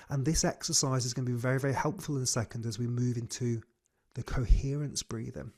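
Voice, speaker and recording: A man leading a guided breathing class on a video call, giving slow, soothing cues. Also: mid-range voice, steady tone, darkish tone. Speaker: breathwork coach.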